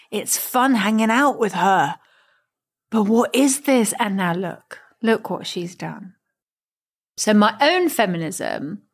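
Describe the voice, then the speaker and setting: A woman comedian, a bit tipsy, giving a reflective and heartfelt recorded message with warm laughs. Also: mid-range voice.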